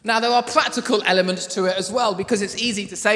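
A male pastor preaches in a loose, chatty storytelling way and breaks into laughter often. His voice sits high for a man. A long reverb trails each phrase, as in a large room. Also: fairly even intonation, fast talker, a bit bright. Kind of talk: sermon.

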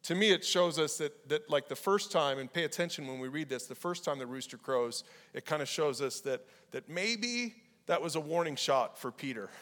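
Animated preacher man in a reverberant hall. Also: a little high, moderate pace, hardly any pauses. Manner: animated, acts out quoted voices. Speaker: pastor. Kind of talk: youth sermon.

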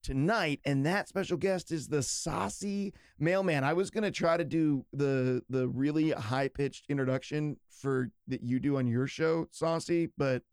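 This is a man from near Pittsburgh who hosts a casual card-game podcast and laughs easily at his own jokes. His voice sits a little high for a man and comes across dry and close to the mic. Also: a little slow, few pauses, smooth, no room sound. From outside Pittsburgh, Pennsylvania, US. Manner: laughs often, relaxed and self-mocking. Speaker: podcast host.

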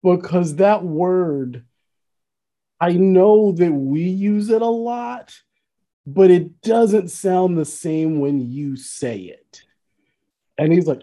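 A man's voice: sits high, expressive, takes it slowly, dark tone. A man telling stories in a casual chat and laughing often. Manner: laid-back storyteller, laughs often. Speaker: musician guest.

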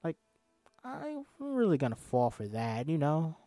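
A man's voice: fairly high pitch, wildly swooping pitch, unhurried, warm tone, dry recording, soft background music. A man hosting a comedy podcast, reading a screenplay aloud and breaking off into irreverent, swearing asides. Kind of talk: comedic script read-through.

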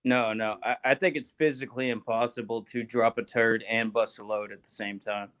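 A man's voice: mid-range voice, fairly even intonation, brisk, fairly bright tone, smooth. A man rambling through a crude casual chat as a podcast guest.

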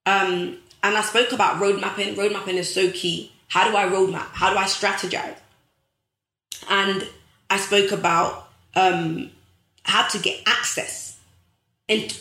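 Young woman, live-stream motivational host, repeats lines for emphasis, bright tone. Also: mid-range voice, reverberant. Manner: preachy, emphatic, repeats phrases for effect; addresses viewers directly as guys.

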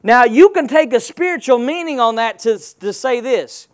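A man's voice: extremely high pitch, expressive, normal speed. A male pastor preaching a sermon, firing rhetorical questions and call-and-response prompts at his congregation.

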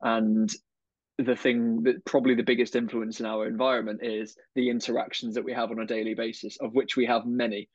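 Flat-voiced man, thoughtful coach. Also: mid-range voice, a little fast, dry recording. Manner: thoughtful, repeats words while finding phrasing. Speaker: guest, coach. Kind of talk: conversational podcast interview. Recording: dull, slightly lo-fi dry sound.

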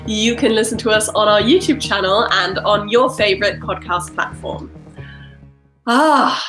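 A woman's voice: medium pitch, normal speed, music in the background. Woman podcast co-host and singer, easygoing and reflective. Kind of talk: casual podcast chat.

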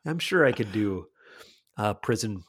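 Man, middle-aged, podcast co-host, casual rambling chat, lowish voice. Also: expressive, a little slow, fairly bright tone, breathy edge. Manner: rambling, many fillers and restarts, chuckling.

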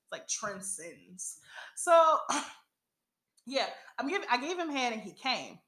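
A young adult woman hosting a podcast, telling a profane story in casual chat, animated and laughing often. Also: sits high, slow, reverberant. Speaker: podcast host.

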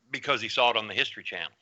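Halting podcast host man, bright voice. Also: on the low side, poor audio. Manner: rambling, halting restarts. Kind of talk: casual podcast chat.

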